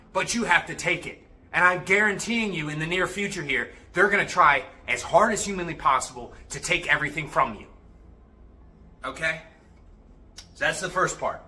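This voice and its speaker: A young man with a piercingly bright, slightly high voice runs a livestream and rants in an aggressive, profanity-laden way. He sounds confrontational and pushy, like a self-made coach hammering his point home. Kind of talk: motivational rant on a livestream.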